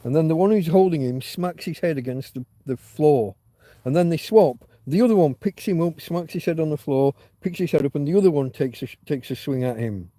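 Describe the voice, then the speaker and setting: Rambling man, mellow and dry. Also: on the high side, no room sound. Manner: meandering storytelling with frequent restarts and fillers; candid, swears casually. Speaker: livestream host. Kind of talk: rambling casual chat.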